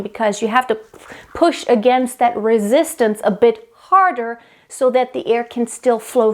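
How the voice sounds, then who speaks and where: A young woman teaching vocal technique, explaining step by step and breaking off to demonstrate sounds. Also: fairly high pitch. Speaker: singing teacher.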